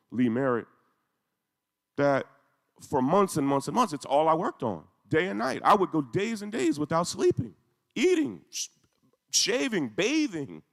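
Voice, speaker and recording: Male speaker, intense storyteller, gravelly voice, echoing hall. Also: fairly high pitch, fairly bright tone. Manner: intense, storytelling with rising emphasis. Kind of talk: emotional speech to a congregation. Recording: echoey hall.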